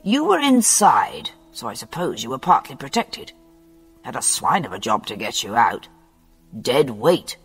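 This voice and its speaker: An audiobook narrator voicing Runcorn, an impatient Victorian police superior who speaks bluntly, read over soft music in a reverberant space. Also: mid-range voice, sing-song, measured pace, husky, pitched below the performer's own voice, heavily acted. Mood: probing. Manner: blunt, demanding questions.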